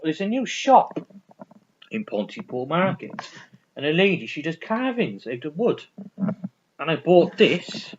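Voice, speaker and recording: A vinyl collector vlogger chats casually about his records in a high-leaning voice, with a faint hiss or hum underneath. He's enthusiastic and rambling, repeating himself often, and the lo-fi recording sounds dull.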